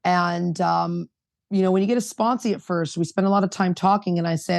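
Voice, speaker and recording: Female panelist, slightly low pitch, forceful direct delivery, dry sound. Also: fairly even intonation, brisk, vocal fry, dry recording. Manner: emphatic, preachy, direct. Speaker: podcast panelist. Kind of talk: recovery podcast discussion.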